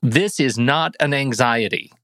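A man co-hosting a podcast in easy, rambling chat. He trips over his own sentences and jokes at his own expense. His voice sits at an ordinary middle pitch, recorded close and dry. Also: a little slow, fairly bright tone, no room sound. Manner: self-deprecating, rambling with restarts. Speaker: podcast co-host.

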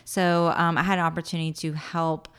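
Woman, 30s, interview guest; lowish voice, expressive storyteller who quotes herself. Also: a little fast, smooth. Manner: animated, acts out her own past words, laughs often. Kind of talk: emotional personal storytelling in an interview.

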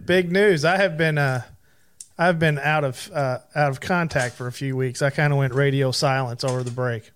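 A man's voice: mid-range voice, steady tone, normal speed, smooth. A man co-hosting a casual podcast, telling loose stories with a laugh and a fair bit of swearing. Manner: laughing, loose storytelling with profanity. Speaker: podcast co-host. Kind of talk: casual chat.

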